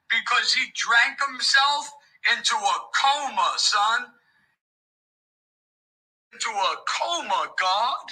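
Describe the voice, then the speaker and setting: A very high-pitched man with a sharp, bright tone taunts in exaggerated street slang. He is from New York and swears loudly. He drags his words out slowly. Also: animated, poor audio. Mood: mocking. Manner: loud, swearing. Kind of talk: profane taunting rant.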